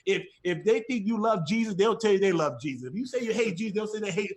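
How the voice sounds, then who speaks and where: A man's voice: high-pitched, expressive, fast talker. A middle-aged man speaking from home as a guest on a ministry talk show, giving an impassioned testimony in an emphatic, repetitive, preacherly cadence.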